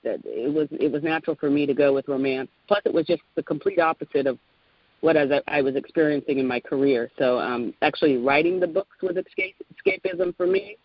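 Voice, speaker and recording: A woman author speaking as a podcast guest in a casual chat, thoughtful and relaxed. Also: low voice, a little fast, no room sound. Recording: dry dull lo-fi sound.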